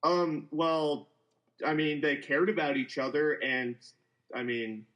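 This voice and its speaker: Casting: higher male voice, blunt and loose co-host, filler-heavy chat. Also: steady tone, slow pace, fairly bright tone, poor audio. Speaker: podcast co-host. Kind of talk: casual film discussion.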